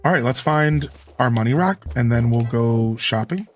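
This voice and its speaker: A man giving relaxed, rambling commentary while playing a video game, full of fillers. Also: medium pitch, normal speed, soft background music. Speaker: game streamer. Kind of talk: casual gameplay commentary.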